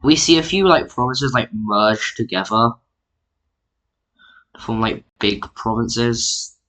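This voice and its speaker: Bright-voiced rambling map narrator. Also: medium pitch, slow. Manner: rambling and self-mocking, with many "like" fillers. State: tired. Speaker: mapping YouTuber narrating an alternate history. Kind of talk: casual screen-recorded commentary.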